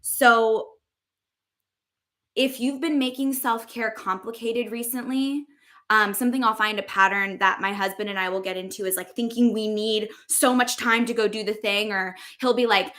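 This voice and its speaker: A young adult woman hosting a podcast, giving a loose, unhurried spiritual teaching talk full of fillers. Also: medium pitch, steady tone, a bit bright. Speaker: podcast host and embodiment teacher.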